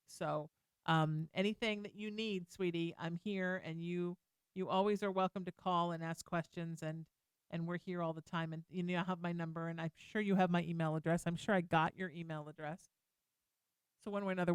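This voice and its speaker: A woman's voice: fairly low pitch, steady tone, fairly quick, smooth, no room sound, studio quality. A middle-aged woman hosting a call-in radio show, chatty and playful, teasing herself and reassuring callers. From Irish heritage. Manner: chatty, playful and self-mocking, warm toward callers. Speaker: radio talk show host. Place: radio studio.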